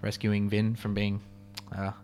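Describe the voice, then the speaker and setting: A man's voice: lowish voice, monotone, unhurried, darkish tone, slight background noise. A man co-hosting a student radio show, chatting casually in a rambling way full of fillers. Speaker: radio co-host.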